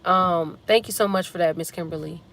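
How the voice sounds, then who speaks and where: A woman's voice: lowish voice, a little fast, fairly bright tone. Teary woman venting on a live stream. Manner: subdued, emotional, talking herself up. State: holding back tears. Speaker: vlogger hosting a live stream. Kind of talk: casual live-stream chat. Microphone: handheld phone.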